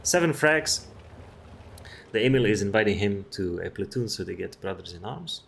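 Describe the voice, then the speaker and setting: A man with a somewhat low voice talks through a game replay in loose, casual commentary. He rambles, swears freely and drifts off topic. A faint hum sits behind him. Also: lively intonation, normal speed, gravelly, fairly bright tone. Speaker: gameplay commentator.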